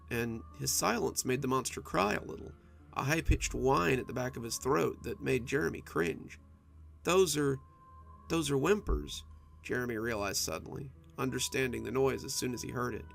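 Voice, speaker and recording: A man telling a spooky bedtime story in an expressive, dramatic scripted narration, with faint music behind. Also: mid-range voice, moderate pace, gravelly.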